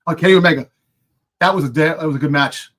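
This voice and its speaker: A man's voice: a little high, fast, fairly bright tone. Rambling, hesitant male co-host. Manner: rambling, lots of fillers, searches for words. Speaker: podcast co-host. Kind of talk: casual live-stream chat.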